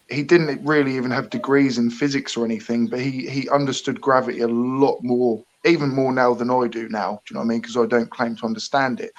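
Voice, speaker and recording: A man's voice: medium pitch, a little hiss or hum, low-quality recording. Male host, loose chatty storytelling, heavy fillers, mid-range voice. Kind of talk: casual chat.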